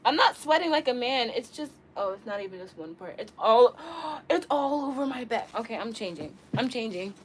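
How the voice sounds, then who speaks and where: A young woman live-streaming from her bedroom, chatting casually with viewers and reading their comments, bubbly and giggly, swinging between loud outbursts and low mumbles. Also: lively intonation, moderate pace, hardly any pauses, a little hiss or hum.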